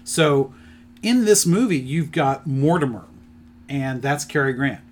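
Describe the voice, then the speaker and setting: A man's voice: mid-range voice, lively intonation, a little slow, slight background noise. A middle-aged man on a podcast, rambling through a plot retelling with lots of fillers in a casual chat. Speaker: podcast co-host presenting his picks.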